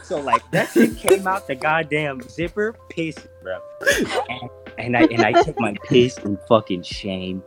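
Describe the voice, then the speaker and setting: With music in the background, a man in his twenties casually tells a story on his podcast, swearing liberally and bringing the characters to life with their voices. His mid-range voice keeps a measured pace.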